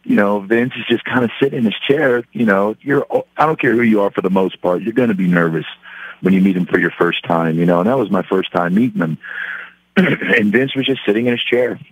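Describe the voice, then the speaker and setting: A man's voice: lowish voice, brisk, breathy edge, dry recording, phone-quality sound. A middle-aged man, a professional wrestler on a podcast, casually retelling a funny, self-deprecating anecdote and acting out the quotes.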